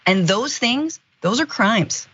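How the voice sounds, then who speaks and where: A woman's voice: a little high, animated, slow, a bit bright, slightly rough, highs cut off. A female co-host giving indignant political commentary, acting out quotes as she goes.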